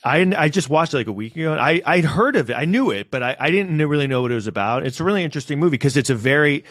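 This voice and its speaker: Male podcast co-host, dry close mic, casual and animated, curses freely. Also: on the high side, rapid-fire, no room sound. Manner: animated, swears, mimics people in quoted voices. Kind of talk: casual chat.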